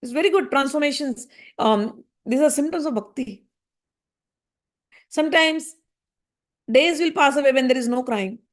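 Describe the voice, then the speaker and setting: A woman giving a spiritual discourse, earnest and gently reassuring, repeating her points. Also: high voice, normal speed, long pauses. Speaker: spiritual teacher.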